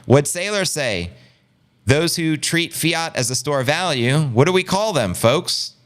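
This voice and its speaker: Man, New York area accent, live-stream host, hyped, talks to chat as family, clear resonant voice. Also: a little high, measured pace. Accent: New York City area. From Long Island, New York. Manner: animated, hype-filled, talks to viewers as family. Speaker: livestream host reading chat.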